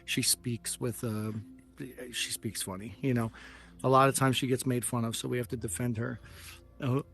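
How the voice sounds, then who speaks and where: Flat, halting man giving earnest praise. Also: mid-range voice, soft background music. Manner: halting, filler-heavy, earnest. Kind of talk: casual speech to an audience.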